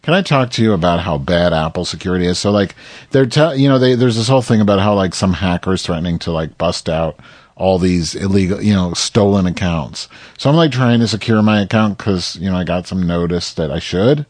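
Man, podcast co-host, lowish voice, rambling, profane, dry sound. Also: expressive, brisk, darkish tone, no room sound. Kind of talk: casual chat.

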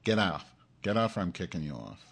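A man's voice: low voice, big pitch swings, fairly quick, creaky, fairly bright tone, husky. A man hosting his own live-stream show, in an angry, profane rant aimed straight at his audience.

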